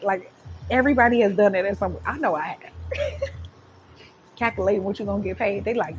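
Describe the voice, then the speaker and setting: A woman talks through a tarot reading in a loose, chatty way, playful and affirming as she goes. Her voice sits at an ordinary middle pitch. A faint hiss of noise runs under the recording. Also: animated, fast talker, low-quality recording. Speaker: tarot reader. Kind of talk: casual tarot reading to camera.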